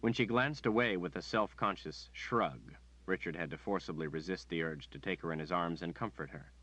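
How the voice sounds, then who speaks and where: A man narrating an audiobook in a measured storytelling manner. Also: sits low, fairly bright tone, poor audio. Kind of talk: scripted narration.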